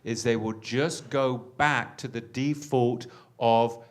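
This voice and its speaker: A man's voice: mid-range voice, fairly even intonation, slow pace. A man teaching in an earnest way, repeating phrases as he works out his point. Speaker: Bible teacher.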